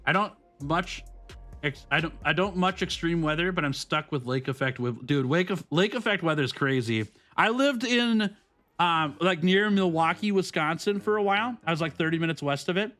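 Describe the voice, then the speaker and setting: A man in his thirties, a gaming streamer, chatting casually with his live viewers, upbeat and quick to laugh. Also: a little high, a bit bright.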